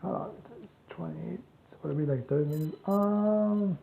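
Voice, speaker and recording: A man's voice: fairly high pitch, moderate pace, gravelly, mellow, slight background noise. A man casually retelling a story, rambling with many fillers and restarts. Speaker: channel host. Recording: tinny echoey phone-like audio.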